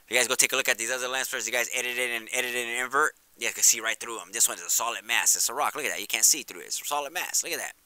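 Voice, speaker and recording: Guy vlogging over his clips, super bright crisp voice, dry close mic, keeps saying look at that. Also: medium pitch, racing, hardly any pauses, dry recording. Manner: excitable, repetitive pointing out; soft-spoken and apologetic. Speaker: video creator. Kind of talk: casual vlog commentary.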